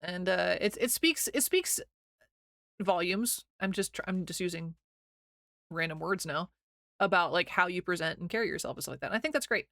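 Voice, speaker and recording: A woman's voice: on the low side, lively intonation, moderate pace, gravelly, a bit bright, no room sound, studio quality. A young woman from Missouri with a slight Missouri accent, chatting casually with her stream chat, rambling and giggly.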